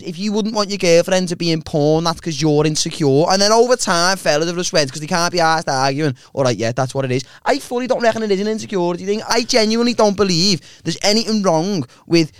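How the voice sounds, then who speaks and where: A man's voice: high-pitched, quick pace, smooth, no room sound, studio quality. A young man, co-hosting a podcast, teasing his mates and arguing his point in casual banter. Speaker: podcast co-host.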